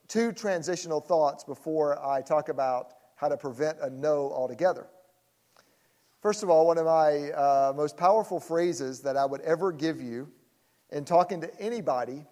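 A middle-aged man with a slightly higher voice gives a relaxed church teaching talk. He jokes with the crowd and teases people in the front row. He acts out quick bits of dialogue as he goes. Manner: conversational and joking, teases the audience, acts out quoted people. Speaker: pastor teaching church leaders.

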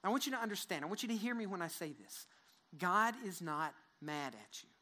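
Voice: mid-range voice, lively intonation, fairly quick, sharp tone. A pastor delivering a sermon at a church service, speaking earnestly and directly to the listeners, repeating words and leading them in prayer. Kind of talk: sermon to a live congregation.

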